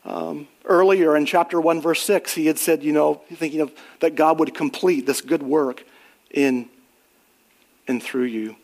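A man's voice: fairly high pitch, fairly even intonation, measured pace. A middle-aged man preaching a sermon in an earnest, conversational way, rising on emphatic questions and sharing personal stories. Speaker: pastor.

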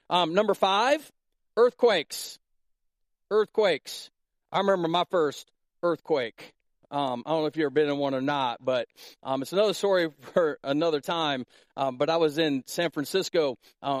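A man preaching a sermon as pastor in Iowa, in a casual, joking way with animated stories. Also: a little high, no room sound, clean studio sound. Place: church in Iowa.

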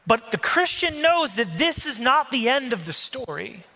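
Bright-voiced male pastor preaching. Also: extremely high pitch, big pitch swings, normal speed. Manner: conversational preaching with asides to the congregation. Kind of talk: sermon. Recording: long hall reverb.

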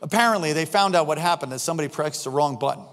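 A man in his fifties, a pastor preaching a sermon in church, animated and prone to acting out scenes with sudden shouts. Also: fairly high pitch, racing. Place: church sanctuary. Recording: long reverb of a large hall.

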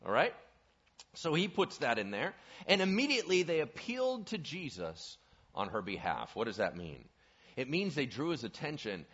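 A man's voice: medium pitch, normal speed, breathy edge. A male pastor preaching a sermon, asking the congregation questions as he goes. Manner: animated, asks the audience questions. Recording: dull lo-fi recording.

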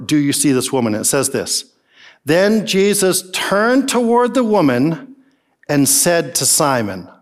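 A male pastor preaching a sermon, animated and emphatic, with many rhetorical questions to the congregation. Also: fairly high pitch.

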